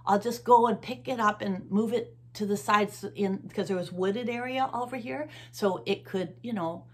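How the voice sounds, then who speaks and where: Animated woman telling a story. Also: medium pitch, normal speed, husky. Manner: animated, acts out sounds and gestures while telling the story. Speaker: host. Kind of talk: casual storytelling.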